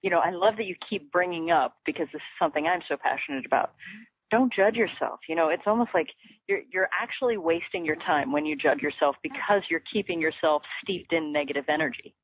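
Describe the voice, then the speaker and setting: A woman's voice: low voice, a little fast, breathy edge, dry recording. Enthusiastic woman host on a phone line. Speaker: call host. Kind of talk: interview over a phone call.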